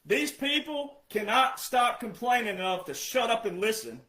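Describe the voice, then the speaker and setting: A man delivering a heated, scolding monologue, firing off repeated rhetorical questions and often raising his voice to a shout. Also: extremely high pitch, expressive, normal speed, reverberant. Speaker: online commentator. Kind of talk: ranting monologue.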